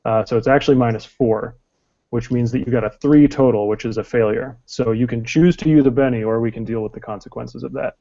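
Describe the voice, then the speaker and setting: A man runs a tabletop game as its game master, his voice mellow and relaxed. He works through the rules one step at a time, with plenty of ums and uhs. The recording sounds dull and lo-fi. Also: medium pitch, brisk, vocal fry. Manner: explains rules step by step, many fillers.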